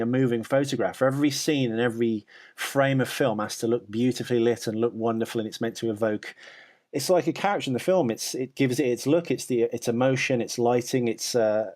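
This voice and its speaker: A man's voice: medium pitch, a little mellow. A man co-hosting a podcast, talking casually and rambling with frequent restarts and filler sounds. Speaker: podcast co-host.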